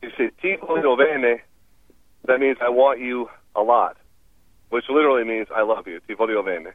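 Speaking a little fast in a medium pitch, a male guest explains foreign phrases during a radio interview, upbeat and instructive, with easy laughter. He's a language expert calling in, so the dry recording has a tinny phone-line quality.

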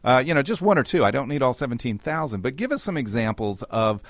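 A male radio host interviewing a guest, guiding him with steady questions. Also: mid-range voice, fast talker, dry recording, clean studio sound.

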